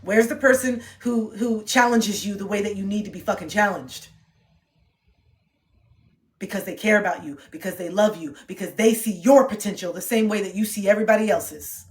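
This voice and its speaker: A young woman livestreams a motivational talk in a medium-pitched voice at normal speed. Intense and preachy, she pushes and challenges her listeners rather than comforting them, firing repeated questions and swearing plenty.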